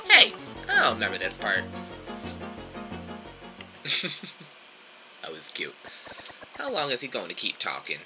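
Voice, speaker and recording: A man playing through a video game on stream and tossing out gushing, amused asides. His pitch bounces around lively, and game music runs underneath. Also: unhurried, long pauses, poor audio. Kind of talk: casual game playthrough commentary.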